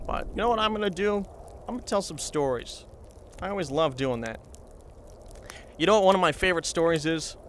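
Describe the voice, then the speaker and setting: A man's voice: a little high, animated, a little fast, long pauses, fairly bright tone, a little hiss or hum. A man telling a comedic, meandering anecdote in character as a reporter, chatting to his viewers.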